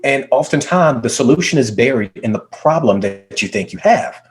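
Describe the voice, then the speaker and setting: Man, business coach, mid-pitched voice, lively emphatic storytelling, repeats words for effect. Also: moderate pace. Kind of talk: conversational storytelling. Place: video call.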